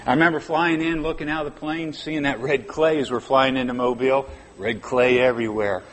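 A man's voice: medium pitch, fairly even intonation, fairly quick, fairly bright tone, in a large hall, a little hiss or hum. A man in his fifties preaching a sermon in a church, conversational and drawing out key words for emphasis. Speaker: pastor. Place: church sanctuary.

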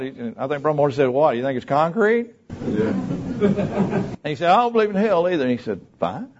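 An older man preaching a sermon, folksy and storytelling, moving between soft low talk and shouted high peaks. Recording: dull lo-fi sermon recording.

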